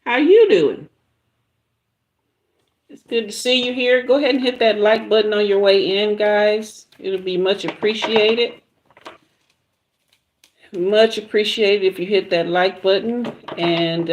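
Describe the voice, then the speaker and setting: A woman with a Southern US accent hosting a casual livestream, chatting with viewers and giving a tarot reading in a relaxed, chatty way. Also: mid-range voice, a little hiss or hum. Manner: relaxed, chatty, drawn-out pauses. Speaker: tarot reader livestream host.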